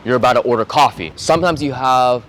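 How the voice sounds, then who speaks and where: A young man talking straight to camera in a casual advice vlog, relaxed and conversational, acting out short example dialogues. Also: mid-range voice, quick pace. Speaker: vlogger giving self-improvement tips.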